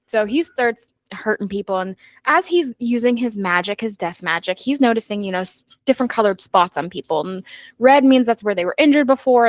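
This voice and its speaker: Recorded dry, a mid-range female voice recaps a novel on a book club podcast she co-hosts. Her chatty summary is animated, and she performs the characters' quotes as she goes.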